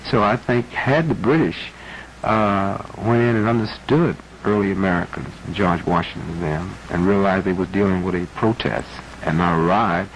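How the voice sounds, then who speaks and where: In an archival interview, a man in his thirties argues his point with passion, his lowish voice building to a preacherly intensity. The recording is rough archival broadcast audio with faint noise.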